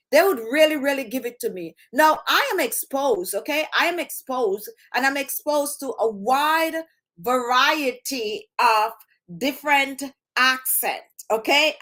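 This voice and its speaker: A woman's voice: high-pitched, pushed and bright. A woman from Jamaica with a Jamaican accent, hosting her beauty channel in casual chat to camera, dropping her H sounds and repeating phrases for emphasis.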